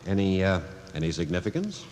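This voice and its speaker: An actor playing a steady, commanding expedition captain who also narrates, in a 1940s radio drama. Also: male voice, low voice, brisk, slight background noise. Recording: old radio broadcast with hall reverb.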